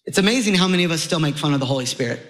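A man preaching a sermon to a congregation, conversational and animated, his voice jumping higher as he gets excited. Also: rapid-fire, rough recording. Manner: animated, conversational preaching with sudden rises in pitch. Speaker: pastor.

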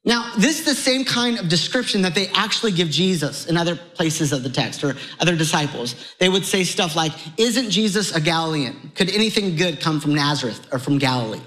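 A man preaching a sermon to a congregation, conversational and animated, his voice jumping higher as he gets excited. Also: brisk, few pauses, poor audio. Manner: animated, conversational preaching with sudden rises in pitch. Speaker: pastor.

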